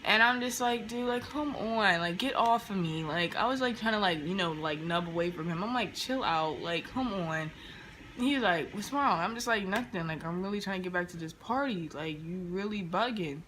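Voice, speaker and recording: Bright-voiced young woman telling a story. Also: on the low side, normal speed, a little hiss or hum. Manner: animated, slangy retelling with quoted dialogue. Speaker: vlogger. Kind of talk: casual storytime. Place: indoors near a street, car noise outside.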